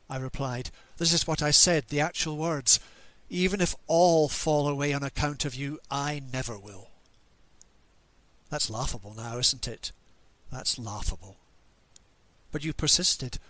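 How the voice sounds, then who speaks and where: Taking on Peter's role at the cross for a church service, a man performs a dramatic monologue full of grief and anger. His slightly high voice is strained and bright with no echo, and he questions bitterly while blaming himself.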